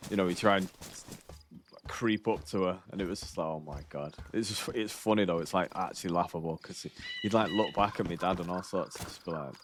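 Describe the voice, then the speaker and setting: A man's voice: sits low, steady tone, a little fast, background noise. A man in his thirties chatting casually while streaming a game, rambling and swearing as he tells stories. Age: 30s. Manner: rambling, sweary, laid-back storytelling. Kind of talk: casual chat while gaming.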